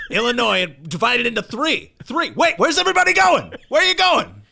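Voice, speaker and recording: A man putting on a flustered middle-aged man who pitches a plan while his audience walks out, laughing as he goes. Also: very animated, normal speed, gravelly, bright, forceful tone, a little hiss or hum, exaggerated voice. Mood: eager. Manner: goofy, laughing mid-line. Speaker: co-host.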